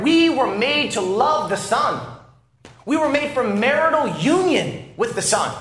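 A man preaching a sermon in an echoey church room. His voice sits high and swings widely in pitch. He drives his points home emphatically, often pausing to ask "Right?". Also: fairly bright tone. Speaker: pastor. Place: church sanctuary.

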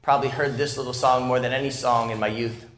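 A man's voice: mid-range voice, steady tone, fast talker, fairly bright tone, a little hiss or hum. A man, a pastor, preaching a sermon with emphatic delivery and frequent rhetorical "Right?" checks to the congregation. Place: church sanctuary. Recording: echoey church room.

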